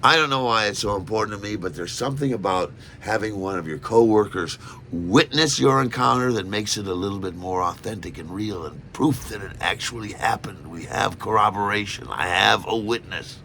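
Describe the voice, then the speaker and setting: A man telling a personal story in an animated, self-mocking way. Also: on the low side, moderate pace, vocal fry, a little hiss or hum.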